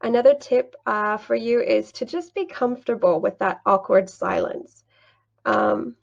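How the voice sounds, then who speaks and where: A woman's voice: fairly high pitch, darkish tone, lo-fi sound. A young woman teaching online, walking through a screen-share tutorial with a patient, teacherly manner. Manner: clear, patient, teacherly, asks and answers her own questions. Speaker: English teacher and teacher trainer.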